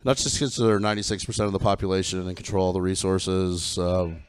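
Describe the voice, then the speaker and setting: A man's voice: low-pitched, steady tone, a little fast, clear, resonant tone, no echo. Campy self-deprecating male stand-up comic. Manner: campy, self-deprecating, punchy delivery with frequent giggles. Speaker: stand-up comedian. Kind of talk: stand-up comedy set. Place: comedy theatre stage.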